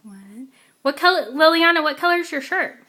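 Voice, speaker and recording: High, bright-voiced mother coaxing a toddler. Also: lively intonation. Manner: patient, coaxing, repeats words slowly and clearly. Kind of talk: coaching a toddler to speak at home.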